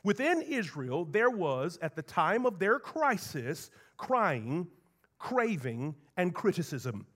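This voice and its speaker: A man preaching a sermon as pastor, moving between soft low asides and raised, emphatic lines. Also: sing-song, slow pace.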